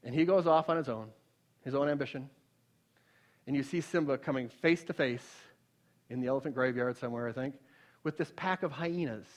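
A man preaching a sermon, swinging between loud emphatic peaks and low hushed storytelling, often repeating words as he restarts. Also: a little fast, long pauses.

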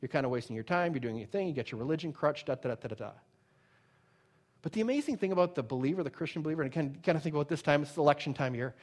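A man preaching a sermon, emphatic and conversational, swinging between loud declarations and quiet asides. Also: fairly high pitch, expressive, rapid-fire. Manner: emphatic preaching, rising and dropping in volume; conversational asides with many fillers. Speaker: pastor.

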